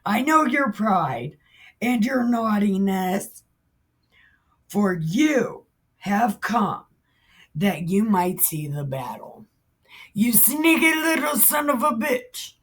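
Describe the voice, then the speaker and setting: A scornful older brother , put on by a woman, scolding hard and swearing. The voice sits a little above her own, husky, with lively swings in pitch. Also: drawn-out words, long pauses, heavily acted. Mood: angry. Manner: scolding, profane. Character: angry older brother, scornful young man.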